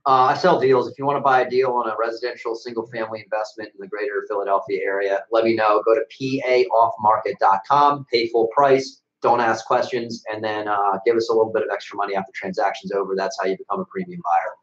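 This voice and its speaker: Jokey guy on a webcast, deadpan, echoey room, kinda muffled audio. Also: on the low side, fast, hardly any pauses. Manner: jokey, deadpan sales patter. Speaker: co-host. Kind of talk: casual webcast banter. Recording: roomy, dull webcast audio.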